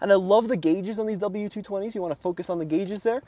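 A high-voiced man presents an old luxury car outdoors with a wry, sarcastic showman's delivery. He talks casually to his co-host as he points out features. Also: fast talker, mellow, no echo. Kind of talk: casual car review chat.

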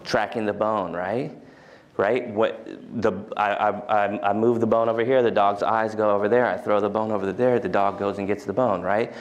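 A man's voice: lowish voice, fairly even intonation, normal speed. A man giving a casual, conversational university lecture in a large lecture hall, including a guided mindfulness exercise.

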